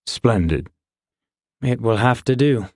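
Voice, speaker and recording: A man's voice: mid-range voice, animated, slow pace, dry recording, studio quality. A man voicing a stern captain. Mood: dry, composed. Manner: terse orders. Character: commanding male captain, stern and steady.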